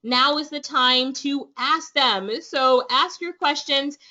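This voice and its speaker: A woman with a Jamaican accent hosts a webinar, pitching her class in an excited, persuasive way. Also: slow pace. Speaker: online business trainer hosting a webinar. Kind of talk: upbeat sales pitch to webinar attendees. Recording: dull lo-fi webinar audio.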